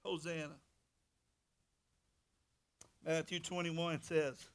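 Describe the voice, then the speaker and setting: A man preaching a sermon as pastor, fervent, swinging from soft to loud and repeating words. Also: on the high side, a little slow, pauses often.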